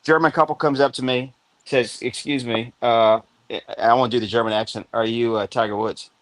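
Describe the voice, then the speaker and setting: A man's voice: mid-range voice, steady tone, normal speed, no room sound. A man hosting a late-night call-in panel, telling stories in a joking way and laughing as he talks. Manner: jokey storyteller, laughs through his lines. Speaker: host. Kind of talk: casual call-in chat.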